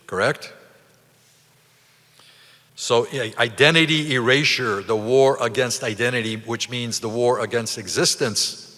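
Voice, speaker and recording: A low-pitched man with a forceful, tense voice delivers a commemorative lecture with emphatic, deliberate phrasing and rhetorical questions. His words ring out with a long reverb tail in an event hall. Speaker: guest speaker.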